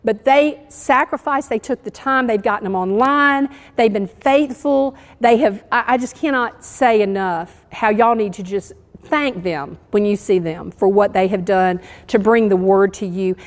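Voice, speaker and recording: A woman's voice: mid-range voice, unhurried, in a large hall. A woman giving an earnest, encouraging sermon in church. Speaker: church speaker. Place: church sanctuary.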